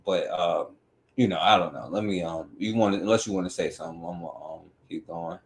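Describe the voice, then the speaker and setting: A man's voice: deep voice, fairly quick. A man hosting a talk radio show, rambling casually and filling every phrase with "you know what I'm saying.".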